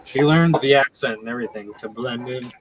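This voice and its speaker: A man's voice: mid-range voice, a little fast, background noise. A man chatting casually as a guest on a livestream, telling a family anecdote in an easygoing way. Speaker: guest on the stream.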